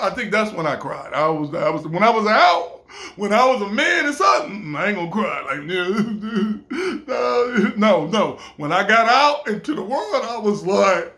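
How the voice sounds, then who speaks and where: A man's voice: high-pitched, big pitch swings, unhurried, fairly bright tone. A man casually telling a personal story, acting out other people's voices and laughing often.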